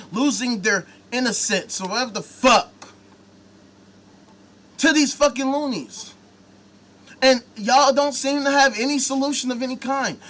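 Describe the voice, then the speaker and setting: A man's voice: high-pitched, sharp tone, slight background noise. A man hosting a live talk show, ranting angrily and sarcastically with heavy swearing. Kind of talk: profane live-stream rant.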